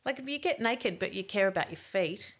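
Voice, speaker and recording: A middle-aged woman, telling a story in casual chat, animated and laughing as she acts out quotes. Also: mid-range voice, brisk.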